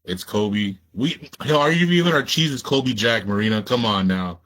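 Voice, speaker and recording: A man's voice: lowish voice, moderate pace, fairly bright tone. A man hosting a casual livestream, talking loosely and profanely straight to his viewers. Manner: laid-back, profane, talks straight to viewers. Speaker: livestream host.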